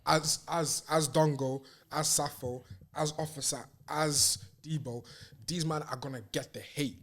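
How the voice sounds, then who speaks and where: A man's voice: a little high, steady tone, a little slow, fairly bright tone. A man guesting on a podcast, speaking earnestly in a motivational way, with many restarts and "do you get me". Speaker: podcast guest, music manager. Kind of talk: casual chat.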